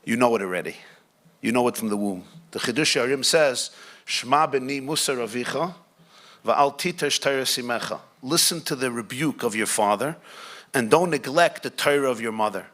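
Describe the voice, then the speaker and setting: A rabbi leads a conversational Torah class for a live group, posing questions to the audience and tossing in joking asides. He speaks at a medium pitch and normal speed with a fairly bright tone.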